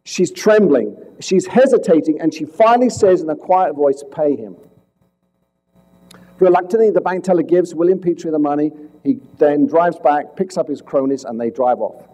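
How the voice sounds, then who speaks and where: A man with a high, mellow voice gives a presentation on fraud. He tells the case like a story, firing rhetorical questions at the room and then dropping to a hush for the key lines. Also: normal speed, low-quality recording. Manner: dramatic storytelling with rhetorical questions and sudden swings from loud to hushed. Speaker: fraud investigator speaking to police.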